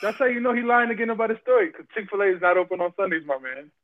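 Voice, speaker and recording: Male podcast panelist, excitable storyteller, high voice, dull lo-fi recording. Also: very fast, heavy background noise. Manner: excitable, acts out the voices in his stories. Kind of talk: animated storytelling.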